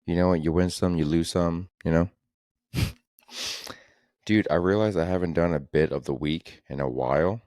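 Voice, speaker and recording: A young man with a very low, deep voice rants his way through a casual comedy podcast. He talks in loose, profane, exasperated bursts. The sound is close and dry, with no room around it. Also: steady tone, brisk, few pauses, darkish tone, dry recording. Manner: rambling, profane, exasperated ranting. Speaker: podcast host.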